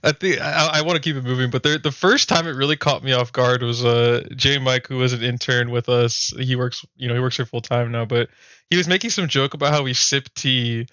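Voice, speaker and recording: A man's voice: mid-range voice, fairly even intonation, a little fast, bright, forceful tone, smooth, dry recording, highs cut off. A man hosting a podcast, chatting casually and easygoingly, laughing often. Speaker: podcast host and league commissioner. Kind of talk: casual chat.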